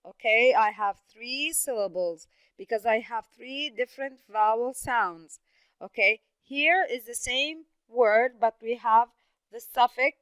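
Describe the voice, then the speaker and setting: Female English teacher; patient, questioning, encouraging, smooth and fairly high. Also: fairly bright tone, dry recording, poor audio. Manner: patient, asks questions and praises imagined students. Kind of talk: recorded classroom lesson.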